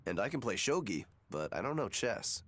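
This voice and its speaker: An actor playing a relaxed, cheerful adult male swordsman in a game. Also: lowish voice, normal speed, no room sound. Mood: casual. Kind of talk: game voice acting.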